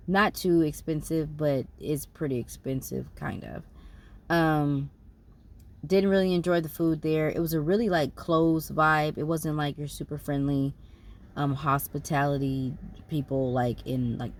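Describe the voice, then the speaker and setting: A woman, rambling casually through a travel recap with fillers and self-corrections. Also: sits low. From United States. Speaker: travel vlogger.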